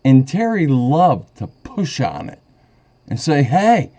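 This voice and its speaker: A man's voice: mid-range voice, big pitch swings, slow pace, creaky, mellow. A man, calling a sheriff's office and pressing a complaint, rambling and agitated, at times choked up. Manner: rambling, agitated, wavering between indignation and choked-up emotion. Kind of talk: phone call complaint. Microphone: phone call recorded on his end. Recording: dull lo-fi phone call.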